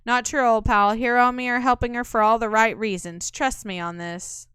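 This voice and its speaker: A woman's voice: on the high side, steady tone, moderate pace, fairly bright tone, clear, resonant tone, no echo, clean studio sound, natural voice. A woman reading aloud the lines of a cocky, wisecracking young male rogue in a game, speaking in a breezy, slangy way.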